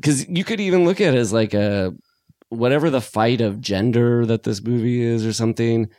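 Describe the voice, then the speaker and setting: A man co-hosting a podcast in casual chat, animated and laughing often. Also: mid-range voice, normal speed, no room sound, studio quality. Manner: animated, laughing, acting out lines in put-on voices. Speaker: podcast co-host.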